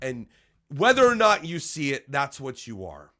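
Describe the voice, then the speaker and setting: A man giving heated, profane reaction commentary, dropping to low mutters and then shouting, stammering over his words when worked up. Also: wildly swooping pitch, normal speed. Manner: stammering restarts when agitated. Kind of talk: angry ranting commentary.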